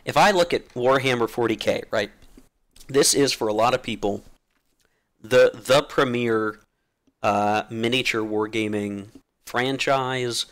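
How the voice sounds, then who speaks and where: A man's voice: mid-range voice, measured pace, a bit bright. A man hosting his own channel, musing in a loose, informal essay with lots of fillers and restarts, still getting over being sick. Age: adult, played since teenage years through college. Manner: rambling, with many fillers and restarts. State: recovering from being sick, clearing throat. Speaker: channel host.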